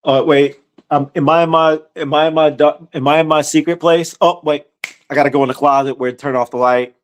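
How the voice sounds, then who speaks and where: A man voicing Moses as a fussy older man who rushes through his worries about getting prayer right. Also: on the high side, steady tone, lightly acted.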